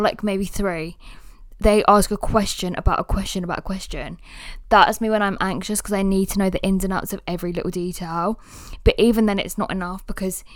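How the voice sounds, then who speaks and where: A young woman hosting her own podcast, talking candidly and rambling with many fillers, at times quiet and emotional. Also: medium pitch, dry recording. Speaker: podcast host. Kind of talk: personal podcast monologue.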